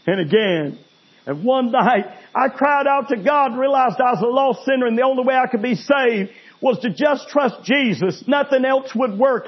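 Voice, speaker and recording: A man preaching a sermon, telling a story dramatically and swinging between loud intensity and hushed pleading. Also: very high-pitched, slightly rough, highs cut off.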